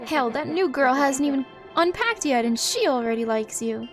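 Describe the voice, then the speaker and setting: A woman voicing a tough, sarcastic young boy with a gruff, mocking manner, reading game lines over background music. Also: high-pitched, animated, normal speed, voice pushed up. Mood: sullen. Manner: gruff and mocking, folksy insults. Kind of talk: voicing game characters on stream.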